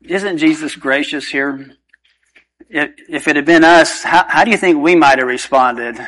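A man preaches with earnest emphasis, his voice sitting a little higher than most men's. He slows down for key phrases and rushes others, pressing each point home. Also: a bit bright, low-quality recording. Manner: earnest, emphatic, shifting pace. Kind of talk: sermon.

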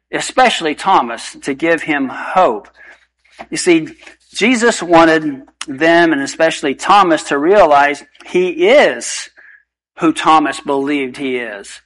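Earnest man preaching, slightly high voice. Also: a bit bright, poor audio. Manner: earnest, emphatic, shifting pace. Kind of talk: sermon.

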